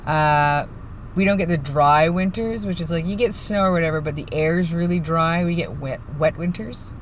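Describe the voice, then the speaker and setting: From the East Coast of Canada, a vlogger talks casually to a phone camera inside a parked winter car, cold, tired and yawning. Mid-pitched at a moderate pace, the chat rambles loosely and sometimes drops into hushed, half-mumbled asides. A faint engine and car hum sits behind the voice.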